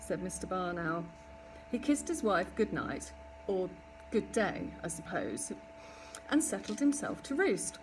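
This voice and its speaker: Woman, storybook narrator, expressive, animated pitch, distant mic, faint ambience. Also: unhurried, noisy background. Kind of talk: children's storybook reading.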